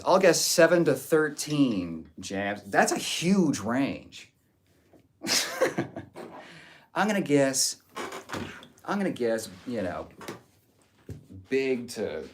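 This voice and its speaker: In a medium-pitched voice, with slight background noise, a livestreamer reads out his chat's comments. He answers them with crude jokes and casual banter.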